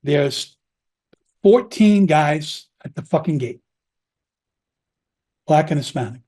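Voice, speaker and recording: Profane, husky-voiced man telling a story. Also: on the high side, takes it slowly. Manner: profane, blunt, animated storytelling. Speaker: podcast guest recounting his prison time. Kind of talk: casual storytelling interview.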